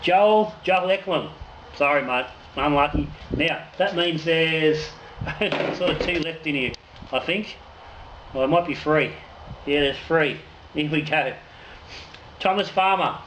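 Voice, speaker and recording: A man's voice: fairly high pitch, slow pace. A man, a home brewer hosting his own channel, drawing raffle winners and chatting casually, joking and swearing freely. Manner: jokey, swears casually, trails off and restarts. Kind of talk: casual raffle draw and brewing chat. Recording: echoey room with noticeable noise.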